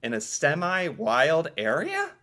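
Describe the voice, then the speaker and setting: An American man reacts in a casual, excitable way, his bright voice bouncing up and down across a wide pitch range. He sounds playful and animated. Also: slow. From United States. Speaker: reaction video creator.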